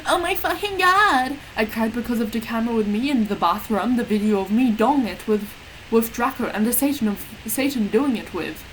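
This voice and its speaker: A woman reads a fanfic aloud in a deadpan way, breaking off for wry asides. Her voice sits a little high, and a faint hiss runs under the recording. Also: fairly quick, low-quality recording. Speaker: reader. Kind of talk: dramatic comic reading of a fanfic.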